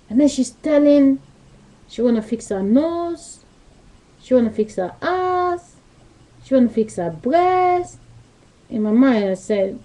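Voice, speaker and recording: Lady rambling at her webcam, uneven english, voice a bit high. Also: animated, slow, long pauses, dark tone, rough recording. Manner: rambling, non-native English grammar. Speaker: vlogger. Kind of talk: casual storytelling monologue. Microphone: webcam mic.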